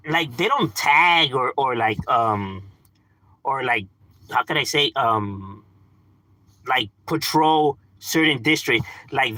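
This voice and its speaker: Husky laid-back slangy man. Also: medium pitch, sharp tone, dry recording, low-quality recording. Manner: laid-back slangy talk with frequent "like" and "bro". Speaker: streamer. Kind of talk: casual live-stream chat.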